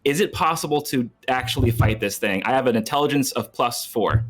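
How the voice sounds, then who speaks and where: A man's voice: medium pitch, lively intonation, a little fast, soft background music. A young man playing a tabletop game, talking earnestly and thinking aloud with restarts. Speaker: player.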